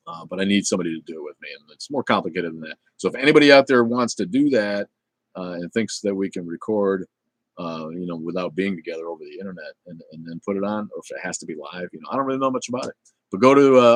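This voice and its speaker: A man's voice: deep voice, no room sound. A middle-aged man hosting a casual livestream, chatting in a rambling way with lots of fillers and restarts, blunt and irreverent as he reads viewer comments. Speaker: livestream host.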